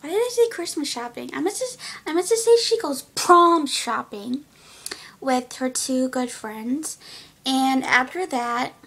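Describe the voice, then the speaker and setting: A woman's voice: sits high, animated, measured pace, fairly bright tone. A teenage girl casually recapping a movie in a giggly, rambling way, full of "like". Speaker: vlogger.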